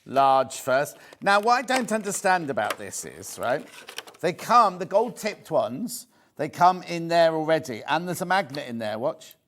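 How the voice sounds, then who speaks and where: British male shopping-channel host, lively banter, keeps repeating the price. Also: fairly high pitch, unhurried. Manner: chatty, jokey, repeats prices. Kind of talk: live TV sales pitch. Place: TV studio.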